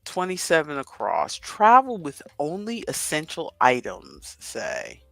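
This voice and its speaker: Hosting a relaxed livestream, a man in his fifties chats to viewers and muses aloud over a crossword. His slightly high voice swoops wildly in pitch, unhurried, a bit bright, with vocal fry. He's on a headset with headphones, no room sound, soft music behind him.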